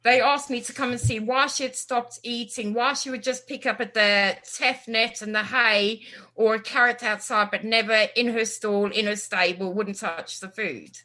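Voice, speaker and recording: Bright, lively woman telling stories. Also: on the high side, moderate pace. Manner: lively storyteller, acts out quotes. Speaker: guest, animal communicator. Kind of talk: casual interview chat.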